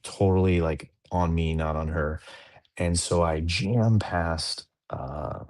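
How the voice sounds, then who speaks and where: A man's voice: low voice, slow pace, a little mellow. A middle-aged man hosting a casual dad podcast, rambling and self-mocking as he tells stories about his day. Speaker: podcast host. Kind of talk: casual chat.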